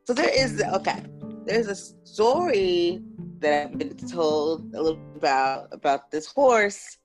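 A woman hosting a casual podcast, reacting warmly and laughing a lot. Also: lowish voice, lively intonation, slow. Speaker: podcast host. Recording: clear music playing under the voice.

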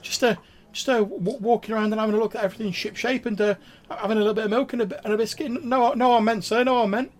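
A man voicing a tiny, wizened male sprite who stammers in a squeaky voice and keeps apologising. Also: steady tone, very fast. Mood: panicked. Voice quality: squeaky, high-pitched, stammering. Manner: panicked, deferential, calls everyone sir.

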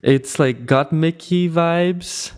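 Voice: medium pitch, slow pace, a little mellow, clean tone. A podcast co-host in casual chat who laughs often and meanders with fillers.

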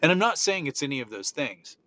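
A middle-aged podcast host chats casually, telling stories with animation and acting out the exchanges. He talks fast in a sharp, fairly high, very animated voice, and the audio is slightly dull with faint noise.

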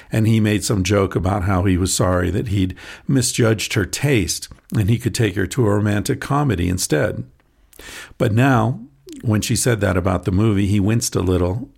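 Low gravelly man narrating a story. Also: darkish tone. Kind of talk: audiobook narration of a short story.

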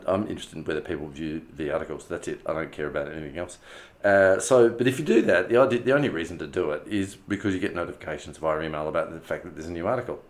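A man hosting his own audio show, chatting loosely through a month in review, laughing often and swearing casually. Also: sits low. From Australia. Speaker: podcast host.

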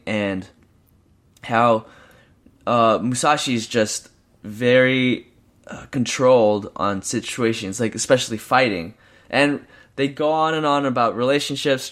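A young man co-hosting a podcast, talking in a rambling, excitable way with lots of fillers and restarts. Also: medium pitch. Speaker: podcast co-host. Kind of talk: casual chat.

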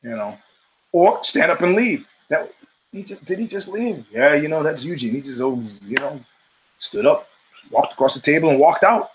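A middle-aged man talks through a loose monologue on his own show, with a voice that sits a little high. He swears freely and slips into the voices of the people in his stories. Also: animated, moderate pace, slight background noise, rough recording. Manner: profane, storytelling, acts out quoted voices. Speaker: show host. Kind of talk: casual monologue.

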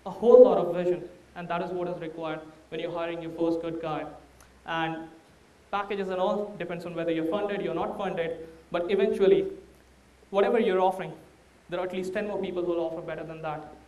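A man's voice: high voice, steady tone, a little fast, dark tone, roomy sound, distant mic. A man with an Indian accent, a startup founder giving a candid, anecdote-filled talk to an audience. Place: large room before a live audience.

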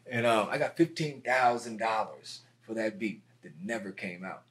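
A man, a music producer being interviewed, telling stories in a casual, lively way and acting out other people's lines. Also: lowish voice, moderate pace. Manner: animated, acts out quotes with raised voice.

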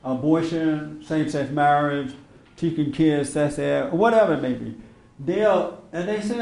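A man's voice: a little high, a little slow, creaky, darkish tone. A man hosting a radio talk show, preaching with emphatic rhetorical questions and mocking quotes. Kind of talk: preaching commentary to a live audience.

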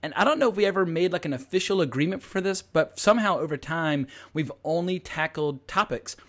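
A man's voice: fairly high pitch, animated, brisk, fairly bright tone. Enthusiastic American man hosting a podcast. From United States. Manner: enthusiastic, swears casually, laughs often. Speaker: podcast host. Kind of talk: casual podcast chat.

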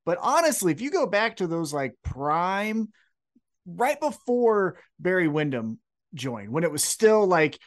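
Dude cohosting a wrestling pod, swears a lot, opinionated, voice swings all over, kinda high. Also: male voice, big pitch swings, unhurried. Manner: profane, opinionated ranting. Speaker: podcast co-host. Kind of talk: casual wrestling podcast chat.

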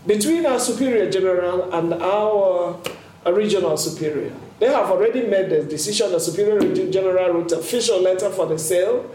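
A woman's voice: lowish voice, fairly quick, slight background noise. A middle-aged woman from Nigeria with a Nigerian accent, a nun earnestly recounting events in an interview. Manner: earnest, animated when quoting others. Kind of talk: interview storytelling. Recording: roomy sound from a distant mic.

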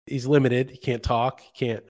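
A man's voice: mid-range voice, little pitch movement, moderate pace, darkish tone. A man hosting a casual solo podcast, congested from a cold, rambling reflectively with fillers and restarts. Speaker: podcast host.

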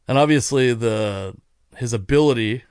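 In a dry, clean studio recording, a man with a medium-pitched, darkish, clean voice hosts a podcast alone at normal speed. Weary-sounding, he meanders through his monologue, correcting himself often and tossing in wry remarks.

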